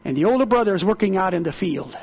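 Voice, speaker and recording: A man preaching a sermon with fervent, repetitive delivery that climbs into loud, high-pitched exclamations. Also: animated, fast talker, low-quality recording.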